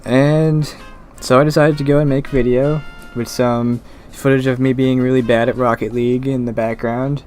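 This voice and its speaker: A young man rambling in a mumbling monotone about his summer job. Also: medium pitch, moderate pace. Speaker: gaming vlogger. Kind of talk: rambling casual commentary over gameplay. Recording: faint music behind. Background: faint background music.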